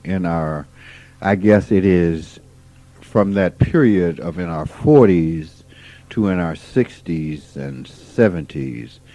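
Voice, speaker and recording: A man gives an informal spiritual talk. He is folksy and unhurried, and he asks questions and then answers them himself. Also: low voice, mellow, no room sound. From Mississippi, USA. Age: 50s. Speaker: spiritual teacher. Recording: dull archival tape recording.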